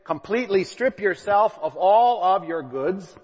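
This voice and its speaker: A man's voice: high-pitched, lively intonation, unhurried, darkish tone, slightly rough. A man in his thirties preaching a sermon, retelling a story with asides and acting out the characters' lines. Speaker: pastor. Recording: dull recording with long hall reverb.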